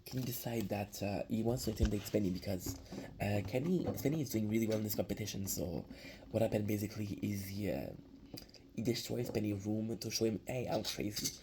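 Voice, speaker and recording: A man's voice: fairly low pitch, brisk, noisy background. A young man, rambling through a casual episode recap with lots of restarts. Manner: rambling, many restarts and fillers. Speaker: show reviewer.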